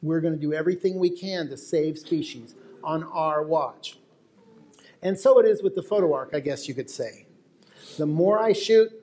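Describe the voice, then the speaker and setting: A man's voice: fairly high pitch, darkish tone. An American man giving a talk to a live audience, telling stories in a chatty way with asides to the crowd. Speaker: wildlife photographer giving a talk. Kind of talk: lecture to an audience.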